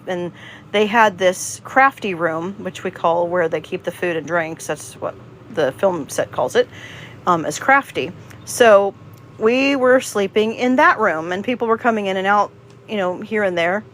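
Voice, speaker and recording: A woman hosting a casual livestream, telling a story in an animated way and acting out what people said, now and then greeting viewers. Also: mid-range voice, normal speed, a little hiss or hum. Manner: animated, acts out quotes, chats with viewers. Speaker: livestream host.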